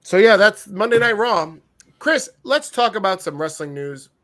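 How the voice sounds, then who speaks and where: A man with a slightly higher voice co-hosts a casual wrestling review chat. He jokes and swears freely, and his mock outrage runs through the talk. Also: lively intonation, moderate pace, fairly bright tone. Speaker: podcast co-host.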